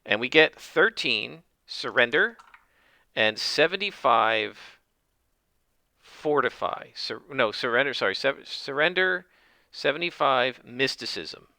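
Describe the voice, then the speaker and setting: Solo game narrator, man, very bright and crisp voice, dry close mic, thinks aloud. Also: mid-range voice, animated, takes it slowly, no room sound. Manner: thinks aloud, with many fillers.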